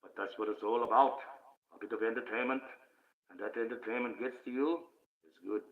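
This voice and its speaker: A man from Australia on a livestream, talking in an ominous put-on voice instead of his real one and rambling slowly about spiritual ideas. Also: mid-range voice. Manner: slow, rambling spiritual musings. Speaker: live streamer. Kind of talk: casual spiritual monologue on a livestream. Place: indoors, speaking under a mask by candlelight. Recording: tinny phone-like audio.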